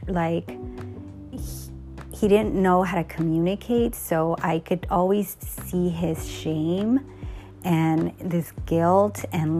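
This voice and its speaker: A woman's voice: lowish voice, dark tone. A middle-aged woman hosting a podcast, candidly telling a personal story in a rambling way, full of restarts and fillers.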